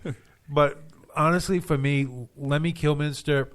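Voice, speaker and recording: A man's voice: a little high, steady tone, unhurried. A man chatting casually on a live radio show, telling rambling stories with self-deprecating humor. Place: radio studio.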